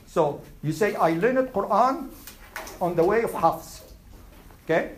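Woman teaching quran, quizzes the class, reciting arabic verses fast, faint hiss behind. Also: medium pitch, expressive, poor audio. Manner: asks the class questions and answers them. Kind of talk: classroom lesson.

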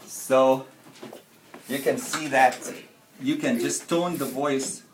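A man's voice: mid-range voice, steady tone, slow, background noise. A man giving an informal Arabic lesson at home, patiently explaining and repeating phrases step by step.

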